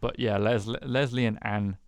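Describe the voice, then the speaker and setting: A man with a low, gravelly voice chats easily on a podcast about favourite TV friendships. He is close on the mic, and the sound is dry with no room echo. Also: fairly even intonation, normal speed. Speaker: podcast co-host. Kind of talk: casual chat about TV shows.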